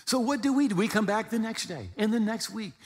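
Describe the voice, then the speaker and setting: Animated preacher man in a reverberant hall. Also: high voice, a little fast. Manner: animated preaching with acted-out dialogue and humor. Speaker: pastor. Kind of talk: sermon.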